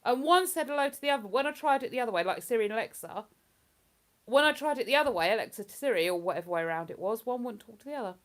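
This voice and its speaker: A woman's voice: fairly high pitch, animated, racing. Chatty London-area woman live-streaming. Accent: London-area English. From England. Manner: chatty, rambling, reads out viewer comments. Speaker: livestream host. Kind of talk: casual live-stream chat.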